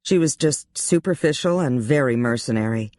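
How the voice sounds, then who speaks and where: Measured audiobook narrator, dry close sound. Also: mid-range voice, animated, a little mellow, dry recording.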